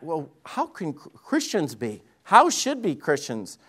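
Male pastor, high-pitched, casual storytelling sermon with emphatic peaks. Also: wildly swooping pitch, measured pace, fairly bright tone. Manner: chatty storytelling with jokes, rising to emphatic preaching. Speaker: lead pastor. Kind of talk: conversational Bible-study sermon.

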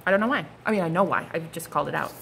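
A young woman giving a casual tarot reading to her viewers, blunt and animated, swearing freely as she calls things out. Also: deep voice, rapid-fire, gravelly, slight background noise. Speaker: psychic tarot reader.

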